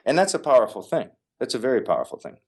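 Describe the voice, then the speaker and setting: A man, a podcast guest, telling a family story in casual conversation, animated and emphatic, repeating phrases for effect. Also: medium pitch, fast talker.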